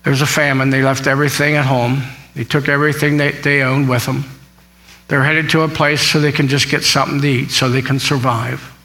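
A man's voice: medium pitch, little pitch movement, brisk, bright, forceful tone, low-quality recording. A man preaching a sermon, reading scripture aloud and retelling it, asking his listeners questions. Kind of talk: sermon, Bible teaching.

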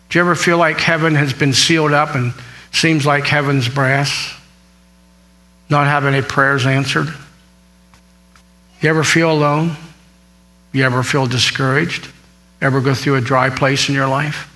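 Bright-voiced man preaching. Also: medium pitch, fairly even intonation, normal speed, pauses often, rough recording. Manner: reads scripture aloud and paraphrases it, asks the listeners questions. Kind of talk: sermon, Bible teaching.

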